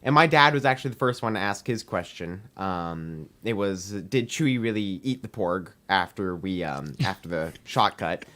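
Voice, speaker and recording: A man's voice: sits low, animated, normal speed, few pauses, pushed and bright. A teenage boy, a podcast guest, telling a long story in casual chat, full of "um" and "we're like" as he acts out the dialogue. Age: teens. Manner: rambling, heavy use of "we're like" and "um".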